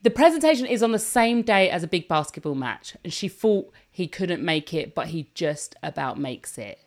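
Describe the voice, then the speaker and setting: A woman co-hosting a podcast, casually retelling a teen movie plot with lively asides and quick acted-out lines. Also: on the low side. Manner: animated, acts out characters' lines in quick voices. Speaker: podcast co-host.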